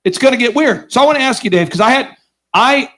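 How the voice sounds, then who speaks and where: A man's voice: very high voice, fast talker. A man hosting a business conference, telling a story with sarcasm and energy, acting out the voices and quizzing the audience. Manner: energetic, sarcastic, acts out voices in his stories. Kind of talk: live seminar storytelling to an audience.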